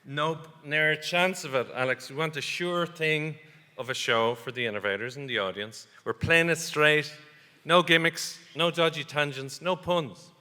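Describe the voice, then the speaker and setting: A man's voice: a little high, moderate pace, bright, forceful tone, long reverb tail. A man with a Dublin accent co-hosting a conference contest, joking and teasing the audience in comic stage banter. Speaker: co-host. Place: hotel conference hall.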